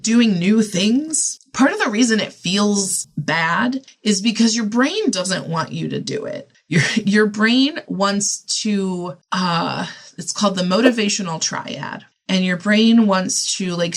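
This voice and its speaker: A woman's voice: mid-range voice, lively intonation, takes it slowly, few pauses. A young adult woman hosting her own podcast and talking through her struggles in a casual, rambling way, with many fillers and restarts and a candid, self-deprecating tone. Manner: rambling, heavy use of "like" and restarts. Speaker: podcast host and writing coach. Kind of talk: casual solo podcast monologue.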